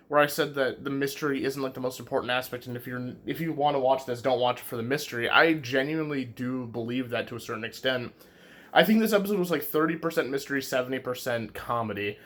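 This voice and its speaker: A man of middle pitch gives a loose, chatty review from his bedroom. He wanders between thoughts, leans on "um" and "like", and often stops to fix what he just said. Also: fairly bright tone. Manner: rambling, many fillers and self-corrections. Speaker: YouTube reviewer. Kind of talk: casual review talk.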